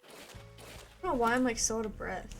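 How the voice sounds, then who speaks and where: A woman's voice: a little high, animated, moderate pace, faint music behind. A woman in her twenties, a game streamer chatting casually with her live viewers in a rambling way, full of "like" fillers.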